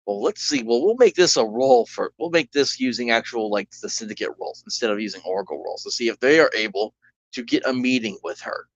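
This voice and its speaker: A man's voice: medium pitch, lively intonation, fairly quick, no room sound. A man running a solo tabletop game, narrating casually with rambling, self-correcting speech. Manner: rambling, full of "like" and restarts. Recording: dull lo-fi recording.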